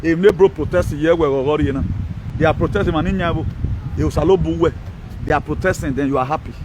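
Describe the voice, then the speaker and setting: Scornful high-voiced man ranting. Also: fast, background noise. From Nigeria. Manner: scornful, combative, mocking, with frequent laughs. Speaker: social media commentator. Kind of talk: ranting political video monologue.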